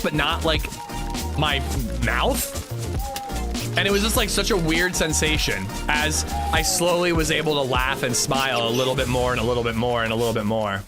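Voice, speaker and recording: A man streaming a survival game, chatting casually and thanking viewers, stammering when flustered and drawing out names as he reads them. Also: a little high. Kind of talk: casual livestream gameplay commentary.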